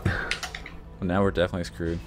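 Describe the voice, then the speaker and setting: A man in casual game voice chat, making dry, deadpan sarcastic remarks. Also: sits low, fast talker, faint music behind. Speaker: game player.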